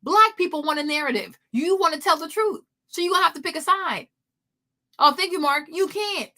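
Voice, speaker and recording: Animated, bright-voiced woman host. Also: very high-pitched, a little fast. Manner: animated, emphatic, talks straight to viewers. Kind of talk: casual livestream commentary.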